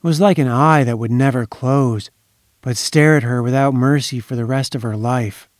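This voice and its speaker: A man reading a story aloud in a measured, solemn narration. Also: medium pitch, dry recording, studio quality.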